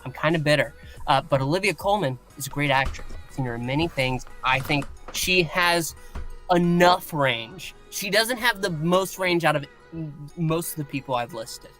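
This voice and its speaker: A man co-hosting a casual podcast chat, weighing his opinions slowly with many fillers and restarts. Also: a little high, lively intonation, sharp tone, soft background music. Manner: measured, hesitant, with many fillers. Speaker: podcast co-host.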